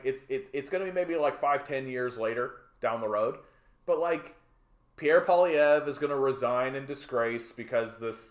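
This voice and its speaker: A man hosting a political livestream in a heated, profane rant that is full of repeated words and fillers. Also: mid-range voice. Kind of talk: ranting live-stream commentary. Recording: roomy echo.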